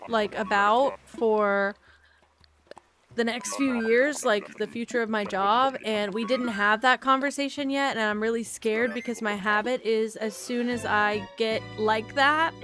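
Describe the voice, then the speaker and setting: A woman's voice: mid-range voice, a bit bright. A young woman chatting casually while playing a game, rambling and repeating silly words. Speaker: gaming vlogger. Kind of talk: casual chat while gaming.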